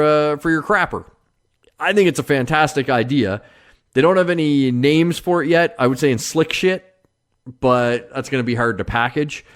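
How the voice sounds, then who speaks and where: A man hosting his own podcast, talking casually on his own in a rambling, jokey way with lots of fillers and restarts. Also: mid-range voice. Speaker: podcast host. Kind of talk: casual solo monologue.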